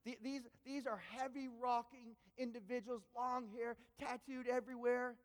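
Animated pastor in a reverberant hall. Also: male voice, very high voice, normal speed. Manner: animated, repeats words when excited. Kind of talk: sermon storytelling.

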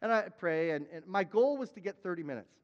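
A man preaching a sermon as a pastor, emphatic, repeating his words and now and then crying out loud. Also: high voice, animated, brisk, big-room sound, highs cut off.

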